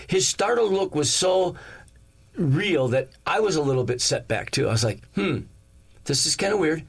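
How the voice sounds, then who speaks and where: A man preaching as a pastor, telling a personal story in a lively way and acting out the lines of each person in it. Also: mid-range voice. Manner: animated, acts out each character's lines in the story. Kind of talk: storytelling sermon.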